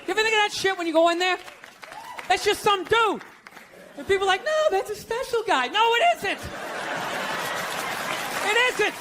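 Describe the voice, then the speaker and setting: A man doing a stand-up comedy set on a large stage, ranting sarcastically with lots of swearing and punchy, animated delivery. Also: extremely high pitch, normal speed, pauses often, noisy background. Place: large stage before a live audience. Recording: live show, loud crowd laughter.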